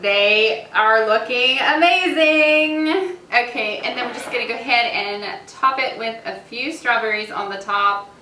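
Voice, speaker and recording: A woman's voice: fairly high pitch, measured pace, sharp tone, slight background noise. A woman hosting a casual cooking demonstration in a kitchen, upbeat, giggly and chatty. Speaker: cooking show host. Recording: echoey room, mic at a distance.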